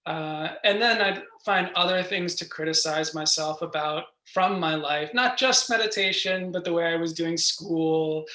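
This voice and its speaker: Meditation teacher from New York: slow, gentle, reflective delivery with a bright tone, over a roomy video call. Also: mid-range voice. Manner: gentle, reflective, unhurried, with soft laughs. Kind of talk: guided meditation talk. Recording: roomy echo.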